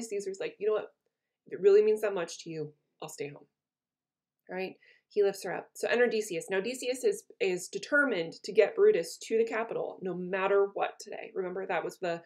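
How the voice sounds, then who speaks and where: A woman's voice: medium pitch, darkish tone. A woman teacher reading lines from a play aloud and retelling them in casual everyday words for her students. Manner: casual paraphrase.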